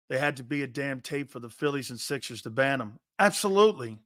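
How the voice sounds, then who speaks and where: A man's voice: on the high side, very animated, normal speed, hardly any pauses, no room sound, studio quality. A brash middle-aged man hosting a sports talk show, ranting in rhetorical questions and laughing often.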